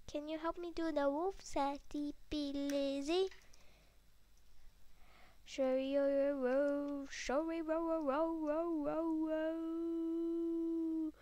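A woman's voice: on the high side, gravelly. A woman hosting a casual gameplay video, chatting to herself and her viewers with frequent giggles and whispered asides. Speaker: gaming video host.

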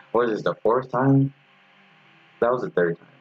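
A man giving excitable, swearing live commentary while playing a fighting game, reacting loudly to every move. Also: on the low side, slow, breathy edge, lo-fi sound. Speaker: gamer.

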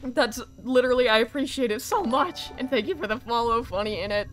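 A young woman streaming a horror game live, reacting with excitement, swearing, and thanking her viewers. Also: a little high, a little fast. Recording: music playing faintly behind. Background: faint game music.

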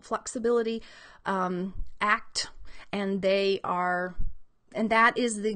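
A woman's voice: medium pitch, a bit bright. A woman reading educator giving an upbeat, explanatory teaching talk about children's books, thinking aloud as she goes.

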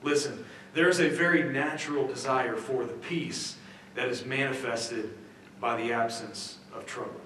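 A man's voice: medium pitch, steady tone, unhurried, sharp tone, a little hiss or hum. A man pastor giving a conversational sermon in a church, full of restarts and rhetorical questions. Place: church sanctuary. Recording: very echoey church hall, mic at a distance.

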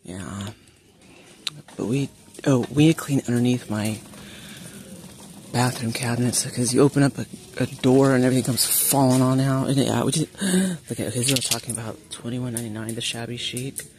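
A woman's voice: very deep voice, moderate pace, a little mellow. Chatty woman vlogging in a busy store. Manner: chatty, addressing viewers directly, reading out prices. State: sniffly from allergies. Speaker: shopping vlogger. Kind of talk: casual shop-with-me chat. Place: large retail store, indoors. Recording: store ambience noise.

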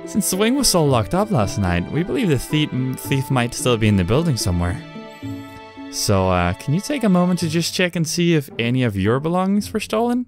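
Man playing a calm game doctor, dry and measured, lively pitch, music faint behind. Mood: stern. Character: calm older male doctor.

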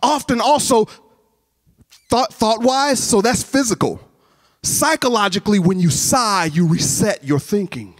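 A man with a high, light voice preaching at a college chapel. He tells his story with lots of animation and slips into the voices of the people in it as he goes. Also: animated, measured pace. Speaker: chapel speaker. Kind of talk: storytelling sermon.

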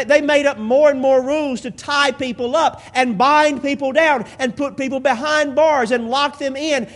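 A man preaching a sermon as pastor, repeating phrases and building into drawn-out, impassioned declarations. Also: very high voice.

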